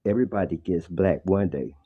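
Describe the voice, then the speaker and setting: A man's voice: sits low, fairly quick, breathy edge. A man in his sixties from Chicago, calling into a livestream and lecturing insistently, over dull lo-fi call audio. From Chicago, Illinois. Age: 60s. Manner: preachy, insistent, repeats "let me tell you". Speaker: caller.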